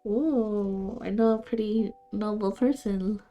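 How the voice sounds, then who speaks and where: A woman's voice: medium pitch, fairly even intonation, takes it slowly, warm tone, soft background music. A woman playing a tabletop game in character, playful and giggly. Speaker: player.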